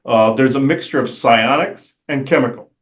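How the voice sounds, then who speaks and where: A man talking as a guest on a podcast, rambling and halting with many restarts and fillers. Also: medium pitch. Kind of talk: casual conversation.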